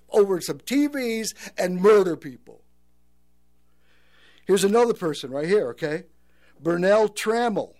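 An earnest male talk radio host speaks straight to his listeners in a slightly raised voice. He leans on warnings, repeats himself, and checks in with a quick okay. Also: on the high side, a little mellow. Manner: earnest, addresses listeners as folks.

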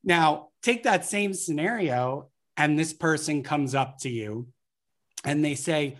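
An interview guest with a mid-range voice talks about marketing casually and slowly. He leans on anecdotes, acting out scenes from the street as he goes.

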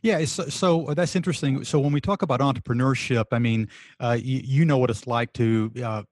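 A man hosting a podcast, asking questions in a relaxed, slightly halting way. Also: medium pitch, no room sound, clean studio sound. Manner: conversational, a bit halting. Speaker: podcast host. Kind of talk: interview questions.

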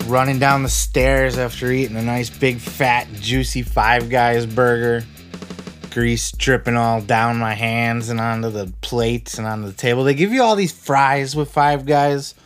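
A man's voice: medium pitch, steady tone, measured pace, soft background music. A man hosting a wrestling podcast, talking in a crude, joking, rambling way and slightly out of breath. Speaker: podcast host. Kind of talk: casual wrestling podcast monologue.

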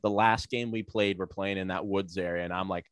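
A man's voice: sits low, fairly even intonation, fairly quick, clear, resonant tone, no room sound. A man on a casual podcast, telling a long rambling story full of fillers, profanity and sarcastic asides.

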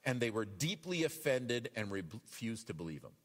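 A man preaching a sermon as pastor, animated and acting out the voices in the passages he reads. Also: lowish voice, normal speed, in a large hall. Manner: animated, acts out quoted voices. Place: church.

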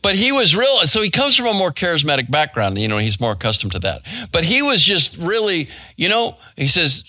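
A man's voice: on the high side, wildly swooping pitch, brisk, hardly any pauses, sharp tone, no echo. A middle-aged man and pastor, giving a casual Bible study with many fillers and asides to the room. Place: church hall.

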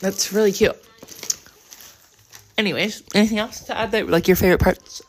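This American woman keeps a steady tone and moderate pace, her medium-pitched voice carrying a little hiss or hum. Recording a travel vlog in her hotel room, she chats casually and rambles through her day, using "like" a lot.

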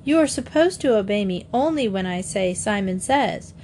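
A woman's voice: mid-range voice, expressive, moderate pace, darkish tone, slight background noise, natural voice. A woman voicing a cheerful father patiently explaining a party game to small boys in a storybook reading. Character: cheerful farm father leading party games.

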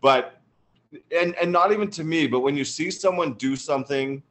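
A man's voice: a little high, normal speed, a bit bright. Man ranting in casual chat. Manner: annoyed, rambling anecdotes with restarts.

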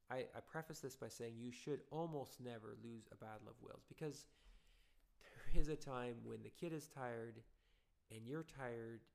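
A man's voice: medium pitch, gravelly. A father earnestly giving parenting advice in a casual, rambling talk full of everyday comparisons.

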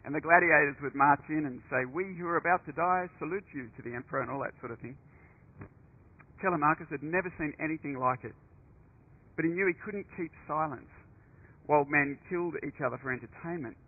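A man's voice: a little high, fairly quick. Earnest preacher man on tinny radio. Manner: earnest storytelling with frequent restarts and repeated words. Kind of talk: sermon. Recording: narrow phone-like radio broadcast.

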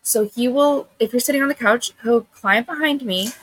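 A woman's voice: on the high side, moderate pace, fairly bright tone, husky, dry recording, rough recording. A young adult woman co-hosting a podcast, chatting casually about her kids. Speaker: podcast co-host. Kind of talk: casual chat.

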